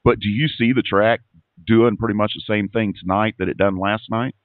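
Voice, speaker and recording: A man hosts a casual racing interview in a lowish voice, chatty and folksy, often repeating his words. The sound is thin and phone-like, with dry, close audio. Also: fairly even intonation, normal speed, no room sound. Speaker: racing show host. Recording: tinny phone-like line.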